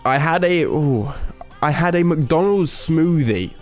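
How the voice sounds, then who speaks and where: A man's voice: fairly high pitch, lively intonation, slow, a little mellow, faint music behind. Rambling young British man streaming. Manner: rambling, self-interrupting, laughs often. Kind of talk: casual storytelling chat.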